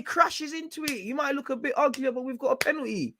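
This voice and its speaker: A young man streaming a football watchalong, shouting at players and slipping into slang as he grows frustrated. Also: very high voice, a little fast, noisy background. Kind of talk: live match reaction commentary.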